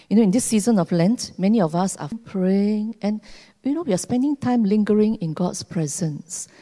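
Slow, mellow woman preaching in reverb. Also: mid-range voice. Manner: slow, earnest delivery with long pauses. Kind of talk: sermon. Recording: long hall reverb.

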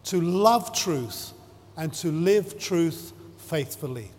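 Man preaching a sermon, high voice, slow and emphatic, big echoey church hall. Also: animated, darkish tone. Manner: measured, emphatic preaching with slow drawn-out phrases. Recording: long hall reverb.

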